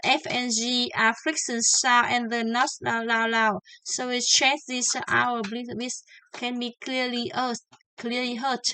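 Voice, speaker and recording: A woman with a bright, forceful, somewhat high voice leads a pronunciation lesson. She speaks very slowly and deliberately, drilling each example word over and over. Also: level tone, clear, resonant tone, dry recording, low-quality recording. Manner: slow, deliberate, repeats each word several times. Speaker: pronunciation teacher.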